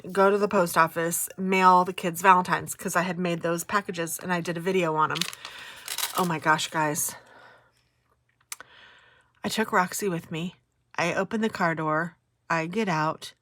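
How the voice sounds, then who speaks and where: A middle-aged woman vlogger talks casually through her day and tells a story. She is animated and keeps breaking into exclamations. Her voice sits a little low, and the recording is dry and close. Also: no room sound.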